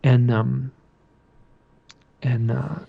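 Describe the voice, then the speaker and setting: A man being interviewed about a personal experience, telling it as an animated story, often repeating phrases and restarting his sentences. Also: mid-range voice, very slow, creaky, breathy edge, no echo, muffled recording. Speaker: podcast guest.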